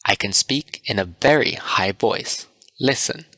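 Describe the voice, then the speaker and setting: A man's voice: fairly low pitch, lively intonation, measured pace, sharp tone, breathy edge, no echo, exaggerated voice. A man reading the part of a boastful, eager weaver who wants every role in the play, in a pompous, show-off manner, in a storybook reading. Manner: pompous, showing off.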